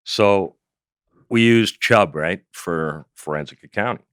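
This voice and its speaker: A middle-aged Canadian man, a comedian and former investigator appearing as a guest, tells a profane story in an interview, acting out the quotes with animation. His voice is low-pitched and he takes it slowly. The recording is dry and studio quality.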